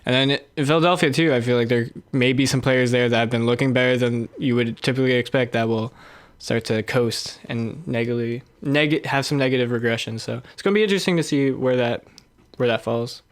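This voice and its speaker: A young man co-hosting a podcast, talking sports in a measured way with many fillers and hedges. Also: mid-range voice, no room sound. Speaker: podcast co-host. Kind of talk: casual sports chat.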